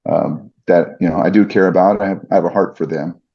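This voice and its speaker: In dull, lo-fi podcast audio, a middle-aged fight announcer shares stories as a guest in a casual interview, earnest and reflective, with many restarts. He speaks fairly quickly in a low, gravelly voice with a breathy edge and fairly even intonation.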